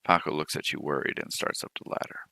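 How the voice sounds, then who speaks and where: A man hosting a game playthrough, reading the on-screen story text aloud in steady storybook-style narration. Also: rumbling low, fast, vocal fry, no echo. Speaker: let's play host.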